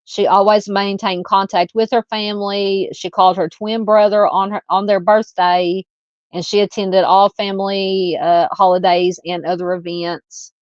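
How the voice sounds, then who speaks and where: A woman's voice: mid-range voice, normal speed, no echo. Chatty Southern woman on a lo-fi mic. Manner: relaxed and chatty, frequent ums and uhs. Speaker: true crime livestream host. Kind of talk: casual livestream chat reading viewer comments. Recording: dull lo-fi dry home mic.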